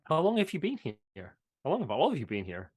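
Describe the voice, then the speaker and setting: A man's voice: huge pitch swings, fast talker, darkish tone, husky. Man asking eager questions in character. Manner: earnest, questioning, rising pitch. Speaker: player. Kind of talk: tabletop role-play chat.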